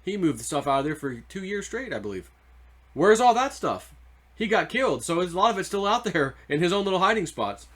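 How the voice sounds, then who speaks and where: Rambling male vlogger with a slightly high voice, chatty storyteller, loose and unscripted. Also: big pitch swings, a little fast, fairly bright tone. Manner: rambling, loose, full of "like" and "you know". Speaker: treasure-hunting video host. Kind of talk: casual storytelling monologue.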